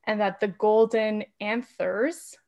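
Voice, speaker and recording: A woman who is a podcast guest in a casual interview, talking fast and laughing often. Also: medium pitch, fairly even intonation, a little mellow. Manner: talks fast with frequent laughs.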